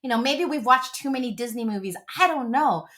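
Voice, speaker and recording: A woman in her forties, a relationship coach, talking as an interview guest in a gushing, animated storytelling way. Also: fairly high pitch, fairly quick.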